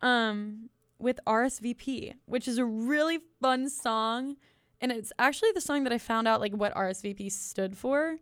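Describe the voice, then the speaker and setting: On the high side and moderately paced, her voice sounds fairly bright as this young US woman co-hosts a podcast album review. She chats casually with frequent ums, likes and giggles. The studio-quality recording is clean and dry.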